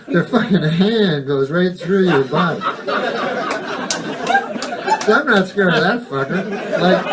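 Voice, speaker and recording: A man doing stand-up comedy in a deadpan, rambling way, halting on ums and uhs and swearing often. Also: a little high. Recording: distant mic with background noise.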